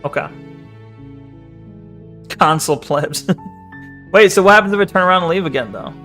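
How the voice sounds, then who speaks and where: A man's voice: sits high, moderate pace, pushed and bright, faint music behind. A man streaming a game, chatting casually with viewers, joking and swearing as he plays. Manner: joking, profane, laughs often, reads game text aloud. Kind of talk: casual gaming commentary.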